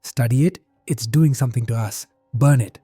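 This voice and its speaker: A man voicing a panicked, hot-tempered male researcher who shouts sharply and raw. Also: a little high, moderate pace, breathy edge, no room sound, faint music behind. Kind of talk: horror narration.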